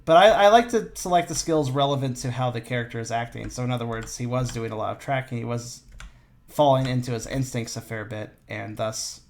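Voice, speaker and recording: A man's voice: mid-range voice, a little fast. A man streaming an online tabletop game, chatting casually and rambling, correcting himself and laughing often. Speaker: streamer and player. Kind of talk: casual chat over voice chat. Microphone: push-to-talk voice chat mic.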